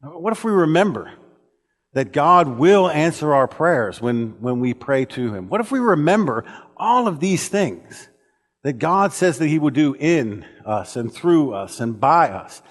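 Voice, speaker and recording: A man's voice: on the high side, very animated, measured pace. Man preaching in an echoing church. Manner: earnest storytelling with frequent restarts. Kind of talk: sermon. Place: church auditorium. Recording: long reverb of a church hall.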